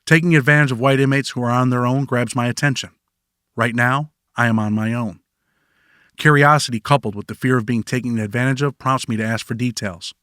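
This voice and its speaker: A man reads his own memoir aloud in a reflective first-person manner. His voice sits in a middle pitch and the recording is dry and close, with no room sound. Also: fairly even intonation, fairly quick, fairly bright tone, clean tone, no room sound. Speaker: author narrating his memoir. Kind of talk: memoir audiobook narration.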